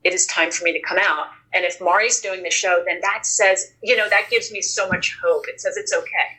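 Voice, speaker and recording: A woman guest on a podcast, telling a personal story in an earnest, animated way, acting out the dialogue as she goes. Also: fairly low pitch, brisk, rough recording. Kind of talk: conversational storytelling.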